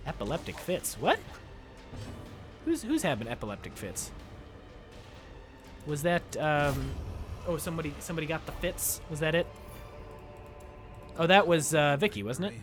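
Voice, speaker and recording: A man streaming a video game, talking casually with his viewers in a loud, jokey, excitable way. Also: on the high side, moderate pace, pauses often, over music. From United States. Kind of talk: casual live-stream commentary. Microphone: desk microphone.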